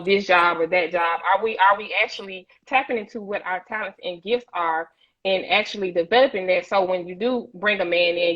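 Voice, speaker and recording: Bright-voiced woman preaching emphatically. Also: mid-range voice, dull audio. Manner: emphatic, preachy, repeats words as she builds points. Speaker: panelist on a women's talk show. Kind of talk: impassioned discussion.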